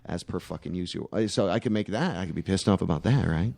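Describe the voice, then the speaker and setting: A man's voice: deep voice, fast talker, creaky, darkish tone, no echo. A man hosting a casual radio podcast, rambling with many fillers and some swearing. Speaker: radio show host.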